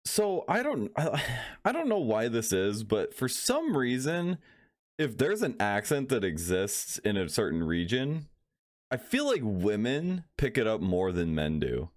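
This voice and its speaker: A man's voice: medium pitch, huge pitch swings, unhurried. A young man co-hosting a casual podcast, rambling and musing with many fillers and frequent laughs. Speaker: podcast co-host.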